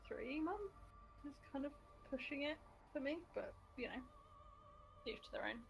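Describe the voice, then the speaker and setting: A woman's voice: sits high, animated, normal speed, vocal fry, soft background music, rough recording. A woman co-hosting a livestream, chatting casually and bantering with easy laughter. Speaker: livestream co-host. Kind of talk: casual chat.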